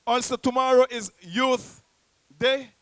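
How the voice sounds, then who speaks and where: A man's voice: very high voice, a little slow, a bit bright, no room sound. A man with a Nevisian accent hosting a poetry event in a public square, rousing the crowd like a theatrical announcer. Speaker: host. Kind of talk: live event emcee.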